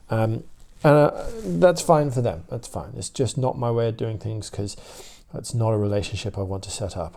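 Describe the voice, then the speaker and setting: Gravelly deep-toned British man. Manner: steady, opinionated, many fillers and restarts. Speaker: dog trainer. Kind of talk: casual explanatory talk.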